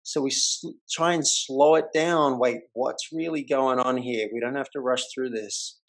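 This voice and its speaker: This male podcast host talks at a measured pace with a medium pitch. His casual storytelling is animated, and he acts out the voices of everyone he quotes.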